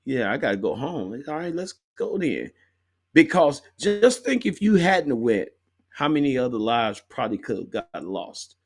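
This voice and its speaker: A man's voice: mid-range voice, very animated, normal speed, husky. A man hosting a podcast, responding in casual, emphatic slang. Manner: emphatic, slangy, lots of bruh. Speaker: podcast host. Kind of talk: casual chat.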